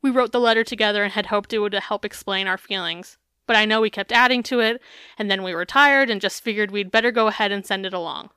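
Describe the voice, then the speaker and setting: A woman's voice: mid-range voice, fast talker, sharp tone, smooth, dry recording, clean studio sound. A woman co-hosting a podcast, reading a memoir passage aloud and then chatting candidly with filler words and swearing. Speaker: podcast co-host.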